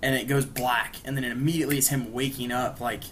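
A man's voice: medium pitch, steady tone, fast talker, a bit bright, a little hiss or hum, poor audio. A man co-hosting a podcast, casually recapping an episode in a rambling way with lots of "like" and "you know" fillers. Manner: briefly acts out characters' lines while retelling. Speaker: podcast co-host.

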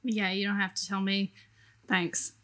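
A woman player in a tabletop game who speaks in character in a formal, measured, gentle way. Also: mid-range voice, level tone. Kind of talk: in-character tabletop role-play.

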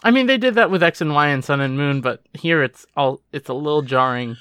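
A man's voice: on the high side, a little fast, fairly bright tone, clean tone, no room sound, studio quality. A man co-hosting a podcast in casual chat, rambling, trailing off and restarting his thoughts. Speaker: podcast co-host.

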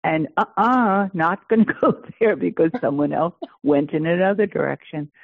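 A woman chatting casually in a group, halting and stammering with chuckles, over a tinny phone-like line. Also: on the low side, gravelly, no room sound. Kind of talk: casual feedback chat.

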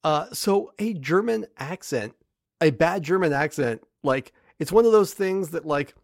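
A man's voice: a little high, expressive, unhurried, vocal fry, dry recording, studio quality. A man in his thirties co-hosting a podcast, talking casually and ranting emphatically about a show. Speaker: podcast co-host. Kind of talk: casual chat.

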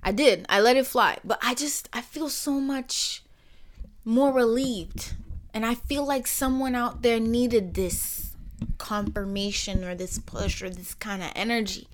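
A young adult woman of Caribbean origin hosting a podcast, talking in a personal monologue with emphatic rhetorical questions and soft near-whispered asides. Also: a little high, measured pace. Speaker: podcast host.

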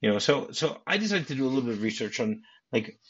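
A man's voice: mid-range voice, very animated, fast, slightly rough, lo-fi sound. A man hosting a podcast, casually retelling movie scenes with many restarts and acted-out lines. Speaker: podcast host.

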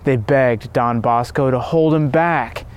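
A man giving measured, reverent scripted narration of a devotional story. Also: mid-range voice, clean tone.

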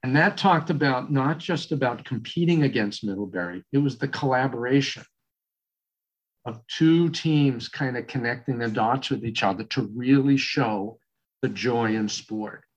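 An older man with a Boston accent tells a story in a relaxed interview, circling back with plenty of fillers and restarts. His voice sits in a middle register, and the audio sounds somewhat dull and muffled. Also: medium pitch, normal speed. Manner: rambling, with many fillers and restarts. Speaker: guest, lacrosse coach.

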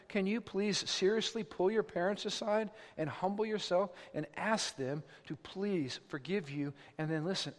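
A middle-aged pastor with a high voice preaches in a big church hall, and long reverb trails each phrase. He drops to hushed pleading, then climbs to loud, insistent exhortation. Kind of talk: sermon.

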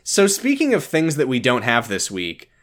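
A man co-hosts a podcast in casual chat. He swears freely and jokes his way through the sponsor plugs. His pitch sits in the middle of the male range. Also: wildly swooping pitch, a bit bright. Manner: profane, joking, fast plugs. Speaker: podcast co-host.

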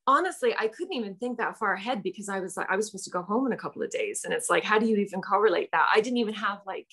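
A woman's voice: medium pitch, lively intonation, racing, creaky, a bit bright, breathy edge. A young adult woman telling a personal story in casual chat, laughing often and restarting her sentences. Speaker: guest.

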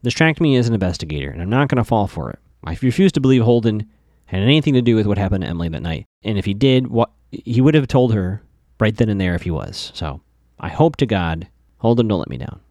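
A man's voice: fairly low pitch, very animated, quick pace, a little mellow, dry recording, clean studio sound. A man casually recapping a TV episode, chatty, with lots of fillers, stammered restarts and asides to his listeners.

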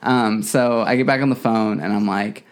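A young man with a lowish voice hosts a podcast at a moderate pace, telling a story in casual chat. He is animated, acts out quotes, and swears freely.

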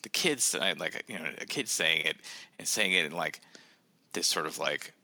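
A man's voice: low-pitched, moderate pace, bright, forceful tone, no echo. A man in his thirties, a guest author in a casual podcast chat, rambling with self-deprecating humor.

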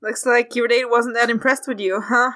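A woman running a tabletop game as game master, casual and quick to laugh. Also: on the high side, fairly even intonation, a bit bright.

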